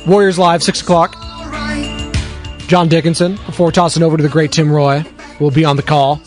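A man's voice: on the high side, little pitch movement, moderate pace, over music. A man hosting a sports radio show, talking in a sarcastic, rambling monologue that drifts into tangents, recorded at a studio microphone. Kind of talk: opinionated sports talk monologue.

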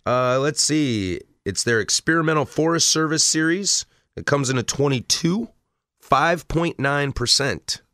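A man co-hosting a casual beer tasting chat, animated and telling stories. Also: on the high side, unhurried, dry recording, studio quality. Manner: animated, tells stories and jokes.

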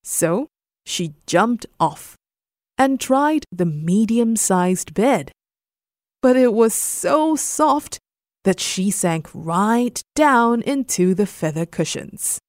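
A young adult woman storyteller giving a slow, expressive bedtime story narration. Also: mid-range voice, dry recording, studio quality.

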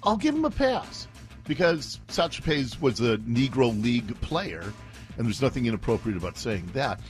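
A man's voice: medium pitch, sing-song, normal speed, soft background music. A man hosting a political commentary show, talking through clips with sarcastic, mocking asides. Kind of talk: opinionated news commentary.

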